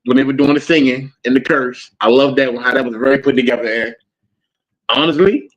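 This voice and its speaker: A man co-hosting a podcast, chatting casually in a steady, insistent way. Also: mid-range voice, fairly quick. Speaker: podcast co-host. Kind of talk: casual chat. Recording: dull lo-fi audio.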